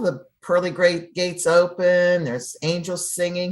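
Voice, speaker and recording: A woman's voice: lowish voice, fairly even intonation. Rambling, laughing woman podcast host. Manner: rambling, halting, laughs mid-story. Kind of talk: casual chat, telling a joke.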